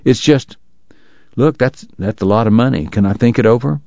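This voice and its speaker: A man's voice: medium pitch, normal speed, creaky, a little mellow, no echo, highs cut off, natural voice. A man voicing a tired, plain-spoken frontier lawman in a read-aloud story. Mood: uneasy.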